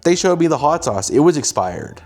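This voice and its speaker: Animated young man telling a story. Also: on the high side, a little fast, faint music behind. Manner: animated, acts out quoted lines. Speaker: host, filmmaker. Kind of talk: casual storytelling monologue.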